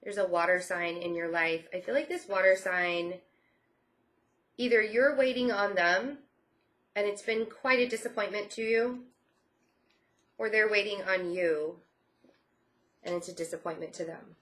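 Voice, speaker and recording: A woman's voice: medium pitch, measured pace, pauses often, a bit bright. A woman giving a casual tarot reading, reassuring and repeating herself, often saying she feels things. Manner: reassuring, repeats phrases, many "I feel like" fillers. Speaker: tarot reader.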